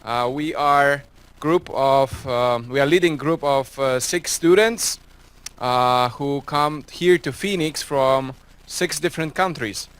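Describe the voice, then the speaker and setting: A man leading a student group gives a short, halting introduction to the audience with many fillers. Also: mid-range voice, fairly bright tone, clean tone.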